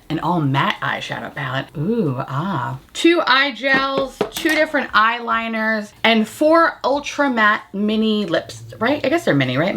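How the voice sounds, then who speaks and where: A bubbly woman beauty vlogger talks through a makeup collection in a loose, casual way, swearing freely and breaking into giggles. Her pitch swings widely and expressively as she goes. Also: a bit bright. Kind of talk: casual makeup review vlog.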